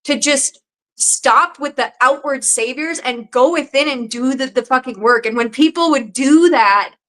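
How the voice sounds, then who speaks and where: A woman's voice: sits high, measured pace, a bit bright, low-quality recording. A woman hosting a casual talk show, speaking bluntly and with exasperation, swearing freely. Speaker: podcast host. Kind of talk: casual chat.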